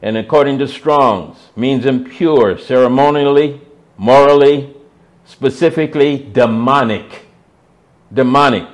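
A man preaching a sermon, stressing key words by repeating them and swinging between loud emphasis and hushed asides. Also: medium pitch, measured pace, low-quality recording.

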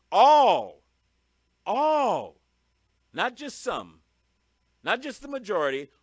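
A man preaching a sermon in an emphatic, repetitive style, punching single words with sudden loud stresses. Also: sits high, no echo.

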